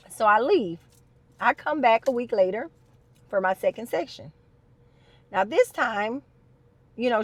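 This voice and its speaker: Chatty high-voiced woman telling a story. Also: no echo. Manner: animated, chatty, addresses viewers as y'all. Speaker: storyteller vlogger. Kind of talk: casual story time.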